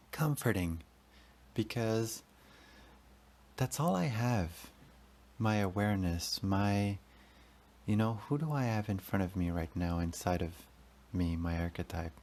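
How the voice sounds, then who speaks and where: A man in his thirties hosts a podcast as a rambling, profane, confessional solo monologue, emotional and talking to himself. His voice is lowish and a little mellow.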